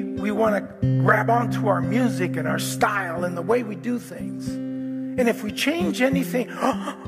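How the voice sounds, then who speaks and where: Gravelly high-voiced male pastor in a hall. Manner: animated, repetitive restarts, acts out quotes. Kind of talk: sermon. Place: church hall. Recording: long hall reverb, faint guitar.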